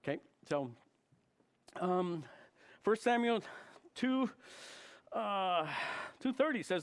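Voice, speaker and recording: A chaplain in his fifties gives a loose, conversational sermon. His voice sits a little high for a man. He keeps it animated, laughing often and slipping into the voices of people he quotes. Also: takes it slowly, pauses often, clear, resonant tone. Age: 50s. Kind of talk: informal sermon talk.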